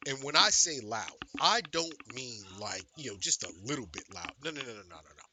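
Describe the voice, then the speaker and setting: A male streamer telling a story in a casual, animated and profane way, with lots of emphasis. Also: mid-range voice, brisk, noisy background.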